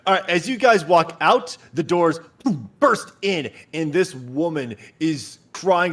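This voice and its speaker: Lively, chatty male game master. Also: on the high side, slow, few pauses. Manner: chatty, laughing asides. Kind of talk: narrating a tabletop game.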